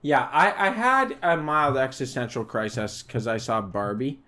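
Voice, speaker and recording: A man's voice: medium pitch, unhurried, noisy background. A man co-hosting a podcast in casual chat, talking in crude, ranting bursts. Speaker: podcast co-host.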